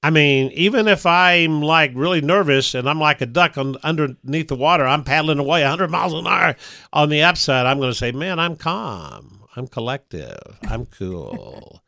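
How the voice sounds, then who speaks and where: A middle-aged man hosts a motivational radio talk show in a folksy, playful way. His voice is bright and forceful, recorded close and dry. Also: on the high side, brisk, vocal fry, no room sound.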